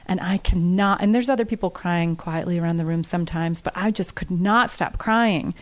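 A woman in a casual question-and-answer session with an audience, talking in an earnest, conversational way. Her voice sits somewhat low for a woman. She repeats each question aloud before she answers it. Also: moderate pace.

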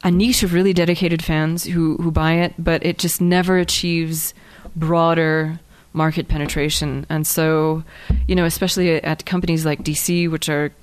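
A woman's voice: sits low, flat delivery, normal speed, few pauses. A woman author reading her own fiction aloud, then answering questions in a hesitant, filler-heavy way. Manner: hesitant, many fillers and restarts when speaking freely. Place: live reading event.

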